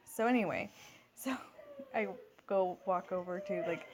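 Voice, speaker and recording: Lady in her 30s rambling thru a story at home, lots of likes and ums, mid pitch, faint hiss. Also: huge pitch swings, unhurried. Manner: rambling, many fillers and restarts. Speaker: vlogger. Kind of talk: casual storytelling vlog.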